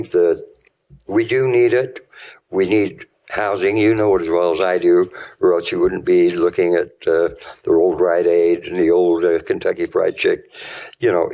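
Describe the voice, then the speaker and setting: Deep-voiced rambling local man. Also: a little mellow. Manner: rambling, plainspoken, full of local detail. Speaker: resident giving public comment. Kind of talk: public comment at a city meeting.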